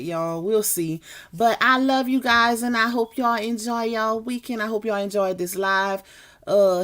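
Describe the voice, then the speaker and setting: A woman hosting a livestream, signing off in a casual, chatty way, often repeating words as she thanks guests and viewers. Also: medium pitch. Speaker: livestream host.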